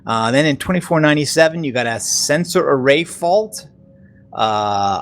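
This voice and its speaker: A man's voice: a little high, lively intonation, normal speed, fairly bright tone. Dry-witted man explaining a game. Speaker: gameplay commentator. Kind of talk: casual let's-play banter.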